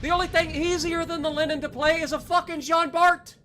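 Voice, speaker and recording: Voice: very high voice, level tone, brisk, pushed and bright, a little hiss or hum. A livestreamer giving live gameplay commentary, ranting at teammates with constant swearing, heavy sarcasm and asides to the chat. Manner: angry, profane ranting at teammates; talks to the chat.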